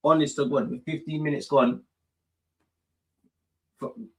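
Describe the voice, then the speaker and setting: Excitable man reacting to football. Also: fairly high pitch, a little slow, gravelly, slightly rough. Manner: excitable, swears a lot, shouts at goals; mutters quietly to himself between outbursts. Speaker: watch-along host. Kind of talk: live football watch-along reaction.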